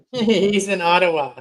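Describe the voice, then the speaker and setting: A man who grew up in Mexico, hosting a casual late-night stream chat, talkative and quick to laugh. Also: sits high, poor audio. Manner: chatty, laughs easily, drifts between topics.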